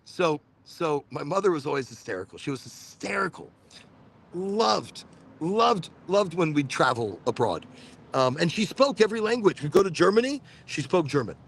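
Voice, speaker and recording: Male livestream host, high lively voice, gravelly edge, rambling chat into a phone. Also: normal speed. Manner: rambling, repeats words while telling stories. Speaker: host of a live cannabis podcast. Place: Florida.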